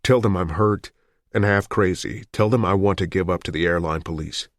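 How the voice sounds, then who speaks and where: Reader as a calm, calculating fugitive, deep and terse. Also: male voice, moderate pace, dry recording, clean studio sound, close to an everyday voice. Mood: tense. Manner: quiet, clipped, controlled. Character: hunted wounded man, cool and calculating. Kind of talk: audiobook character voice.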